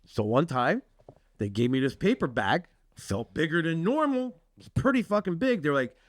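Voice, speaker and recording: Man, from Connecticut, profane storyteller, slightly high voice, dry close sound. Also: very animated, moderate pace, dry recording. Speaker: podcast co-host. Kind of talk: recounting a personal story.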